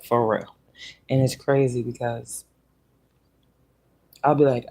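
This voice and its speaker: Blunt, profane, husky-voiced woman. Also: a little slow, long pauses. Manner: blunt, profane, animated, jumps to high pitch when mimicking. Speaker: spiritual reader. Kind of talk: casual monthly spiritual message.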